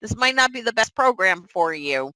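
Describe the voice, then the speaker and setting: A woman's voice: fairly high pitch, moderate pace, no echo, rough recording. A young woman from the area, chatting through a recruiting webinar and acting out sample customer calls. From Boston area. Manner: chatty, animated, acts out sample calls in different voices. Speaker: webinar presenter.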